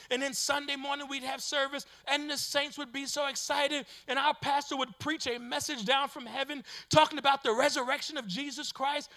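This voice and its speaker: Male preacher, sermon cadence, very high tenor, bright and forceful tone. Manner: preacher cadence, rising into shouts. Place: addressing online viewers.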